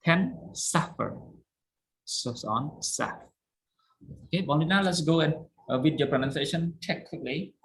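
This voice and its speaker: A man's voice: fairly high pitch, moderate pace, a bit bright, husky, rough recording. A man with a Cambodian accent teaching an online English lesson, patiently drilling pronunciation and checking that students understand. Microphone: video call.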